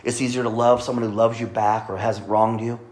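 A man's voice: fairly low pitch, level tone, brisk, darkish tone. Earnest man preaching a conversational sermon. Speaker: pastor.

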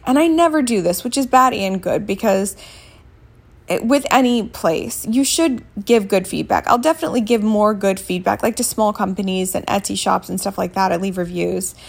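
Here a thirtysomething woman shares a story for a casual vlog while sitting up on her bed at home. She's blunt, candid, and swears a lot, her medium-pitched voice gravelly and husky at a normal speed.

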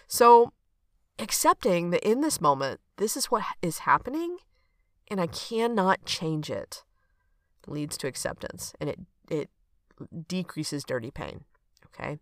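A woman's voice: on the low side, sing-song, measured pace, no room sound, studio quality. A woman hosting a reflective solo podcast, talking in an earnest, conversational way and often checking in with "okay?". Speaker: podcast host and coach.

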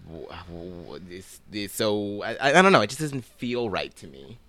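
A man's voice: fairly low pitch, big pitch swings, normal speed, pushed and bright, no echo. A man co-hosting a casual podcast who muses aloud, hesitating and restarting his thoughts. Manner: musing and hesitant, with many restarts. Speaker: podcast co-host.

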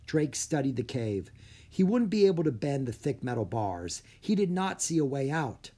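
A narrator reading a children's audiobook with expressive storytelling. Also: medium pitch, moderate pace, breathy edge.

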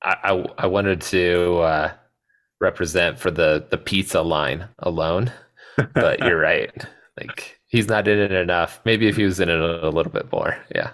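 Low-voiced man rambling about movies. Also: normal speed, fairly bright tone. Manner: rambling, hesitant, many fillers and restarts. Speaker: podcast co-host. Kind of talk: casual movie chat.

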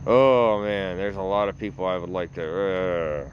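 Deep-voiced man rambling on his podcast. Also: steady tone, unhurried, dull audio, slight background noise. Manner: self-mocking, laughing at his own jokes. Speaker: podcast host. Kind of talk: rambling casual monologue. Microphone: phone.

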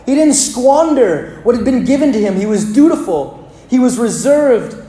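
Preacher with emphatic pauses. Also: mid-range voice, expressive, dark tone, reverberant. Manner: dramatic pauses, emphatic repetition. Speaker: pastor. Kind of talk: sermon. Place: church.

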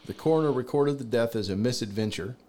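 A man co-hosting a podcast in casual chat, playful and quick to laugh. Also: mid-range voice, dark tone. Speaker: podcast co-host.

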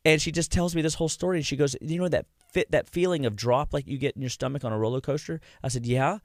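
A man's voice: fairly high pitch, fast talker, dry recording, studio quality. Chatty man telling a story on radio. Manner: chatty storyteller, acts out patient quotes. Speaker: health practitioner and show host. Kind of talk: casual radio talk.

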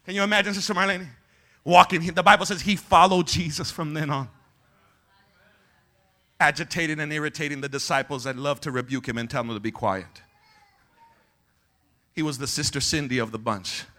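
A man pastor preaching an impassioned sermon at a church service and shouting to the congregation for a response. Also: on the high side, fairly even intonation, normal speed, long pauses.

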